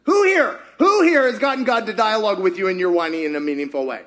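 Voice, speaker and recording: Animated preacher, man with a high voice. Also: quick pace. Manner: animated, rhetorical questions to the congregation. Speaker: pastor. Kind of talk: sermon.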